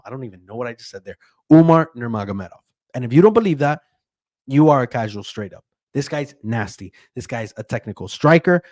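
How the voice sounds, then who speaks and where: A man's voice: mid-range voice, a little mellow, dry recording, studio quality. A man who handicaps bets, giving a casual, profane fight breakdown and keeps checking in with "right?". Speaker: MMA betting handicapper.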